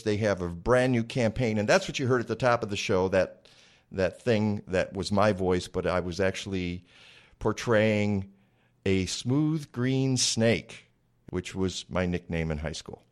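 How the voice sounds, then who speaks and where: A man's voice: fairly low pitch, normal speed. A man hosting a radio show from the studio, chatty and rambling, with lots of fillers. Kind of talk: casual radio talk.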